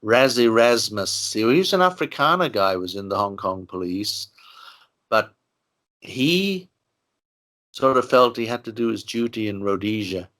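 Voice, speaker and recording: A man's voice: on the low side, lively intonation, measured pace, fairly bright tone. An older man from Ireland, an interviewee, telling long stories in a rambling way with many "you know" asides. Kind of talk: relaxed storytelling interview.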